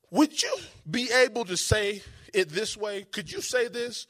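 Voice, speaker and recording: A man preaching a sermon in an emphatic, conversational way, slowing down for quoted scripture and pausing for effect. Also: high-pitched, fairly bright tone.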